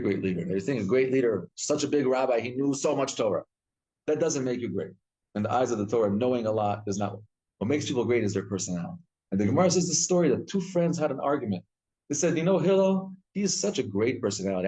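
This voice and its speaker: A man teaching a Torah class, telling stories with lively acted-out quotes and frequent restarts. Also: medium pitch, fast talker, poor audio. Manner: animated storytelling, acts out quotes, frequent restarts.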